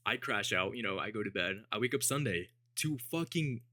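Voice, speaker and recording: A young man with a lowish voice tells a story in a relaxed, swearing-heavy vlog style. He often breaks into laughter. His voice sounds dry and close, with no room echo. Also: brisk. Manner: laid-back, profane, laughing storyteller. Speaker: vlogger. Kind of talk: casual storytime.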